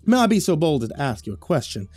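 A man playing a pious, flattering southern gentleman with a thick put-on drawl, sounding earnest. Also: medium pitch, moderate pace, dry recording, soft background music. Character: smooth-talking fake southern preacher-type gentleman.

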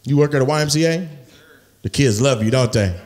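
A man's voice: mid-range voice, fairly quick, a little mellow. A man doing live stand-up crowd work in a comedy club, teasing audience members with brash, profane banter. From United States. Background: audience laughter.

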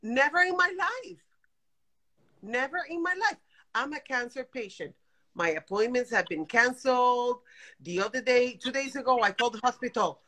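A woman in her fifties speaks over a phone video call from her apartment. Her voice sits a little high, and she talks in rapid, animated bursts full of exasperation. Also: poor audio. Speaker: guest caller. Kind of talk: emotional live-stream chat. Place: home apartment.

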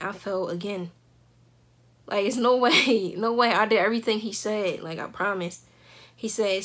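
Chatty young woman telling a story. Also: mid-range voice. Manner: animated, laughs often, acts out quotes. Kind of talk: casual storytelling.

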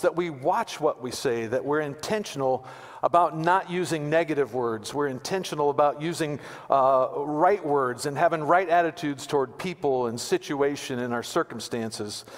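A male pastor preaching a sermon in a conversational, joking way, often repeating words. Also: a little high. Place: church sanctuary. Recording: long church reverb.

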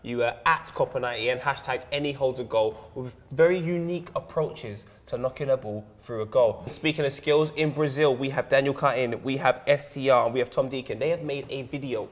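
A man's voice: mid-range voice, a little fast, hardly any pauses. A young man co-hosting a casual chat, upbeat and chatty as he asks viewers to comment. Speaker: co-host.

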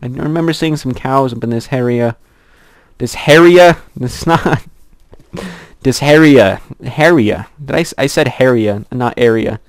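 A young man casually commenting on his own gameplay, chatty and giggly, rambling to himself and squealing high at cute animals. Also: moderate pace, smooth, no echo.

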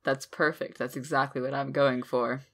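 A woman with a remarkably deep, low voice co-hosting a podcast. Her delivery is calm and deadpan, like a bored radio announcer, in casual comedic banter. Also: moderate pace. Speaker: podcast co-host.

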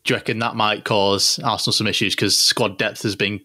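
A man with a bright, forceful voice joins a casual football chat. He puts his question in a halting way and restarts his sentences as he goes. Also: lowish voice, flat delivery.

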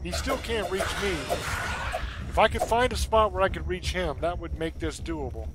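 A man's voice: high-pitched, normal speed, rough recording. Chatty man narrating his gameplay. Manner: chatty, thinking out loud, exasperated. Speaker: gaming YouTuber. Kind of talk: casual gameplay commentary. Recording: game music behind the voice.

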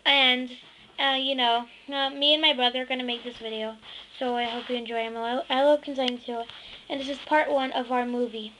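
A woman's voice: high voice, level tone, fairly quick, bright, forceful tone, a little hiss or hum, rough recording. A female speaker clowning through a homemade comedy skit, giggly and goofy, now and then breaking into silly sing-song. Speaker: home video maker.

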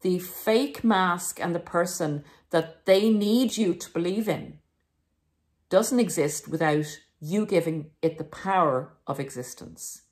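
A woman's voice: lowish voice, takes it slowly, a little mellow. A woman hosting a self-help podcast, speaking emphatically and encouragingly to her listeners, calling them guys. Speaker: podcast host. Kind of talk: self-help monologue to viewers.

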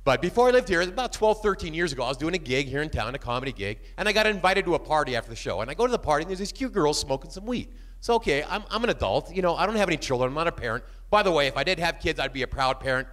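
A man doing a stand-up comedy set, animated and jumping into shouted bits. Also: on the high side, rapid-fire.

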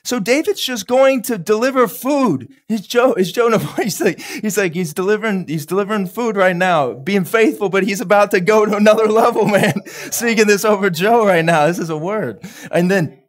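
A male pastor preaching a live sermon in an animated way, laughing often and briefly acting out bits of dialogue. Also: high voice, moderate pace.

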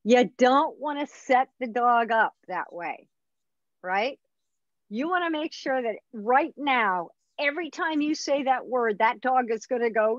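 A woman's voice: fairly high pitch, measured pace, dry recording, highs cut off. A woman dog trainer teaching a puppy class in a chatty, upbeat way. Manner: chatty, upbeat instructor who acts out dog voices.

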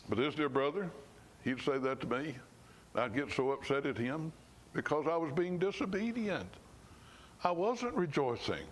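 A man, a pastor, preaching a sermon in church. He reads scripture slowly and with emphasis, and at times his voice drops suddenly soft. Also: on the high side, lively intonation, a little hiss or hum.

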